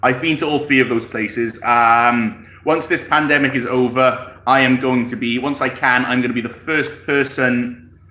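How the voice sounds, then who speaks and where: A man's voice: medium pitch, fairly even intonation, moderate pace, sharp tone. A man from Wales with a Welsh accent, casually chatting on a live stream from his home, reading out comments, rambling and chuckling as he sips tea. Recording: echoey room.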